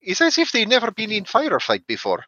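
A man's voice: high voice, wildly swooping pitch, fast, sharp tone, no echo, pitched above the performer's own voice, heavily acted. A man voicing a blunt, proud female street fighter in his own plain voice, talking in a matter-of-fact, boastful way. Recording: dull lo-fi dry sound.

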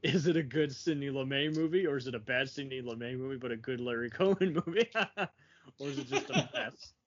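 A man's voice: medium pitch, expressive, a little fast, background noise. Laughing man on a muffled lo-fi recording. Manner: laughs often, rambling with fillers. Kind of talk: casual chat about movies.

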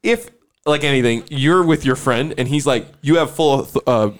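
A man's voice: mid-range voice, normal speed, clear, resonant tone. A man chatting casually with friends, swearing and poking fun at himself while steering the talk. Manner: self-mocking, swears, steers the topic. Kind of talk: casual banter among friends.

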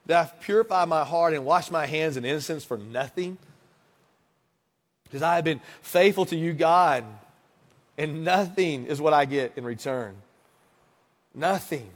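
Pastor in his thirties, slightly high voice, casual preaching that drops quiet then builds loud, long reverb from the hall. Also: a little slow, pauses often. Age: 30s. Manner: conversational, swings from hushed to emphatic. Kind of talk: sermon.

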